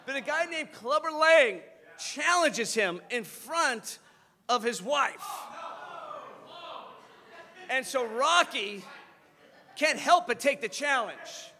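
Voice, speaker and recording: A male preacher telling a movie story in an animated sermon, acting out the scenes. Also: very high voice, slow, long pauses, a faint crowd. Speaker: pastor.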